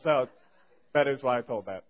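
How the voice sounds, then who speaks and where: A man's voice: mid-range voice, moderate pace. Rambling young man giving a youth talk. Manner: rambling and jokey, heavy on fillers. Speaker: youth group speaker filling in. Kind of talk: casual youth sermon. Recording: dull lo-fi recording.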